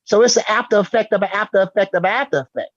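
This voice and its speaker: A man from Chicago with a Chicago African American accent, talking in an animated, slangy way and often repeating words at the start of sentences. His voice is a little husky. The recording is dull and dry, as if it came from a modest mic in a dead room. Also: high voice, rapid-fire, dry recording. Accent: Chicago African American English. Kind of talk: casual discussion.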